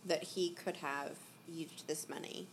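A woman's voice: deep voice, steady tone, slight background noise. A young woman co-hosting a casual movie commentary, chatty and enthusiastic. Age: young adult. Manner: chatty, enthusiastic, quick to laugh. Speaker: podcast co-host, magician.

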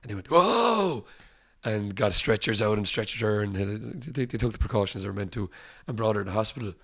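A man's voice: on the low side, fast, husky. An Irish musician in an interview, telling anecdotes casually and acting out the voices of people in his stories. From Ireland. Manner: animated anecdotes, acts out quoted voices, laughs often. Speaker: musician guest.

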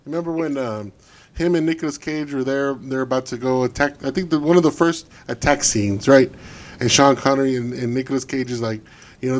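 A man's voice: medium pitch, steady tone, fairly quick. A man co-hosting a casual football podcast, ranting bluntly and swearing freely about his team. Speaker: podcast co-host.

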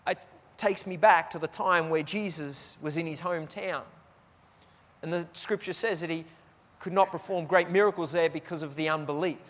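Male pastor, high voice, preaching in a church hall with long reverb, repeats phrases for emphasis. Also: moderate pace, a bit bright. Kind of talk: sermon.

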